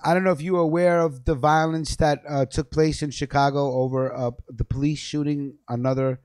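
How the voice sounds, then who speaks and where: A man's voice: a little high, brisk, no room sound, studio quality. A man hosting a live talk show, telling stories with lots of laughter in casual banter. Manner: animated storytelling, laughs often. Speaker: radio show host.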